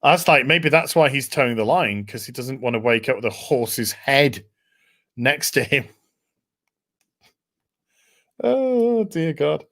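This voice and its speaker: A man's voice: mid-range voice, big pitch swings, normal speed, a bit bright. A man hosting a casual podcast, swearing freely and reading out viewer messages. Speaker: podcast host.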